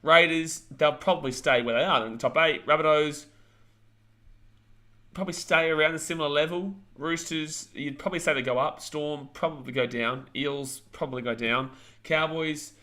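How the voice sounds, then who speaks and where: A young man in his twenties runs a casual sports chat stream, reading out viewer comments. His voice is bright and forceful. He talks bluntly and rambles, with plenty of fillers. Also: on the high side, moderate pace. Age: 20s.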